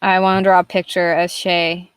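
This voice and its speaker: A woman's voice: lowish voice, little pitch movement, moderate pace, clear, resonant tone, no room sound. A young woman chatting casually and rambling while she streams herself drawing, swearing freely along the way. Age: young adult. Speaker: artist streaming her work. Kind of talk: casual live-stream chat.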